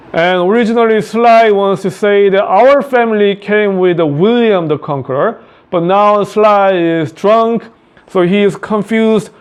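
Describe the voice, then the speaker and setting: A man with a Korean accent, a high school English teacher, explaining a play line by line and often restating quotes in plain words with repetition. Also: a little mellow, smooth. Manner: paraphrases quotes in plain words, repeats phrases.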